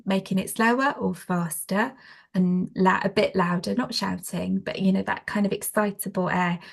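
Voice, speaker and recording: A woman, speaking as a trainer in a conversational interview, practical and animated, with many fillers and restarts. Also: medium pitch, moderate pace, gravelly, slightly rough. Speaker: trainer, guest.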